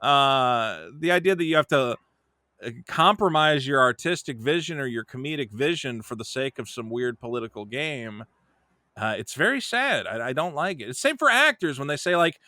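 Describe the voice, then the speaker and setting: Lively bright-voiced comedian. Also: male voice, medium pitch, normal speed, no room sound, studio quality. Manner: animated, jumps into quoted voices. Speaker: comedian and YouTuber, guest. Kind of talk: casual interview chat.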